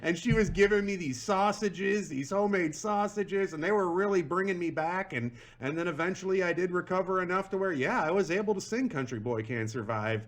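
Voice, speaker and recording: A young adult man hosting a podcast, chatting in an animated, laughing, self-deprecating way. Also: high voice, fairly quick, few pauses. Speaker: podcast host. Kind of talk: casual chat.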